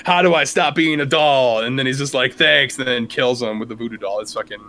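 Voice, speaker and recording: A man's voice: medium pitch, a little fast, pushed and bright. A man co-hosting a casual movie review chat, rambling loosely, laughing, and dropping into quoted voices. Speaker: podcast co-host.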